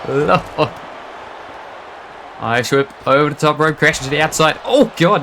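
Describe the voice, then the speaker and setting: A man calling a wrestling match live, excitable and quick to laugh and exclaim. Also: a little high, slight background noise. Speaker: wrestling commentator. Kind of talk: live play-by-play commentary.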